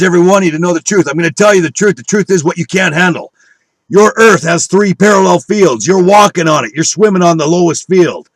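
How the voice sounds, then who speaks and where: A man's voice: on the high side, a bit bright, slightly rough, no echo. A man delivering a profane, combative rant at his viewers, scornful and preaching, with a dry close recording. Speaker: online video speaker. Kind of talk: angry conspiracy rant.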